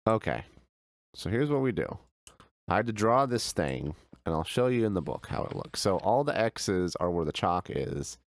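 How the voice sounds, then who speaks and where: A man's voice: low-pitched, big pitch swings, moderate pace, dry recording, clean studio sound. A man streaming a game, chatting casually and easygoing, answering his chat with frequent laughs.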